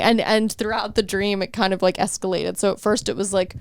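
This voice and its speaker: A woman's voice: medium pitch, brisk, few pauses, clean tone, no echo. A young adult woman co-hosting a casual comedy podcast, rambling and sarcastic, laughing often. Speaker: podcast co-host.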